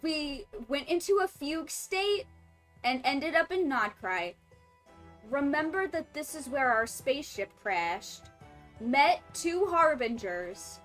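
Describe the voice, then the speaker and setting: A woman streamer chatting casually while playing a game, animated and swearing, laughing often and reacting to her chat. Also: sits high, takes it slowly, soft background music.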